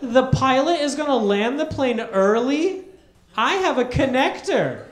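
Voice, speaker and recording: A male comedian voicing a self-absorbed woman passenger who complains loudly and whines. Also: very high-pitched, very animated, unhurried, pitched above the performer's own voice, heavily acted. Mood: indignant. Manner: whiny, loud, complaining. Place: comedy club stage. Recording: echoey club room, audience laughter.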